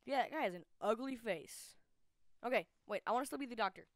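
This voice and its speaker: A woman talks her way through a video game in a high, lively voice that leaps between squeals and quiet mumbles. Her commentary is chatty and excitable, and she keeps talking to her viewers. The sound is close and dry, with no room around it. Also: brisk, no room sound. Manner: excitable and chatty, jumping from yelps to low mutters. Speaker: gamer hosting her own channel. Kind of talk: casual gameplay commentary.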